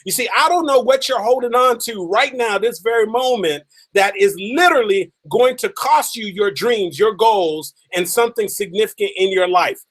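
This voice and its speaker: An emphatic man with a fairly high voice tells a story as a motivational speaker. He hammers phrases again and again for effect. He drags out the key lines slowly for drama. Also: a bit bright.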